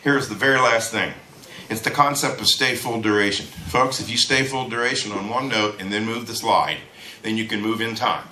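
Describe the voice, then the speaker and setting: A man leads a trombone masterclass, lecturing students in an animated way and breaking into sung rhythms. His voice sits a little low but sounds bright and forceful. The sound carries a roomy echo, as from a hall. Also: moderate pace, slight background noise. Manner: animated, sings rhythms aloud. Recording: echoey room.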